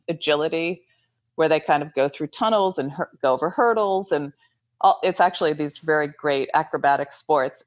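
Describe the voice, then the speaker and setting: A woman guest expert on dogs, explaining thoughtfully with fillers and hedges. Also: deep voice. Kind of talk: interview answers.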